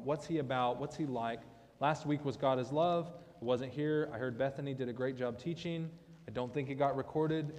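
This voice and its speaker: A man's voice: medium pitch, a little mellow, long reverb tail. Man giving a casual sermon in church. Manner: conversational, joking asides. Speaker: pastor. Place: church sanctuary.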